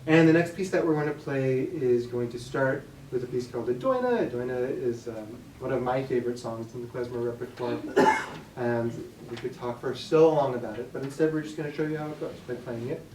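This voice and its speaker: A man with a Boston accent, a band member casually introducing songs to a concert audience with a relaxed, joking manner. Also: mid-range voice, a little fast, a little hiss or hum. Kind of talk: casual stage banter. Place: concert performance space. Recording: echoey room, mic from far off.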